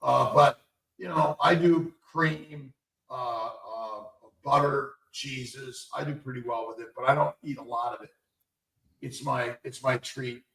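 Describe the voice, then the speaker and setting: A man's voice: mid-range voice, a little slow, gravelly, a bit bright, recorded from a distance. A man who hosts a live show as a doctor, answering questions in a rambling way with many fillers and restarts. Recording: echoey room, away from the mic.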